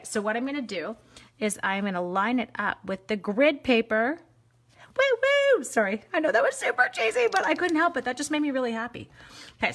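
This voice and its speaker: A woman's voice: medium pitch, fairly bright tone. A woman demonstrating card stamping live, talking each step through in a chatty, bubbly way and addressing viewers by name. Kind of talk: casual live crafting demo.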